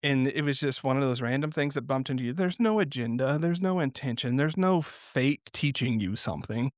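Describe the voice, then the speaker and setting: A man talking as a guest in an unscripted podcast conversation, telling stories in a reflective but animated way and often laughing. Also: mid-range voice, brisk, no room sound, clean studio sound.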